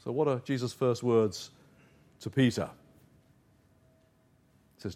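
A middle-aged man preaching a sermon, dropping to quiet low asides and rising to emphatic points. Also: slow, long pauses. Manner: shifts between soft, low asides and emphatic, raised points.

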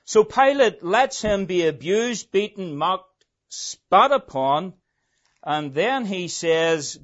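Male preacher delivering a dramatic sermon, loud emphasis then hushed asides, unhurried, muffled lo-fi sound. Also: high-pitched, animated. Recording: dull lo-fi recording.

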